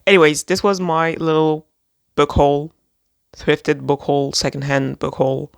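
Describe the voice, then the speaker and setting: A book vlogger chatting casually and gushing excitedly about a secondhand book haul, rambling with lots of fillers. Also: medium pitch, a little slow, creaky, clear, resonant tone, dry recording, studio quality. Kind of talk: reading a poem aloud.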